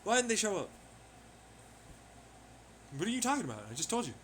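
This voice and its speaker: A man's voice: sits high, very animated, fairly quick, fairly bright tone, a little hiss or hum. A man rambling in a profane monologue, firing off rhetorical questions. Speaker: vlogger.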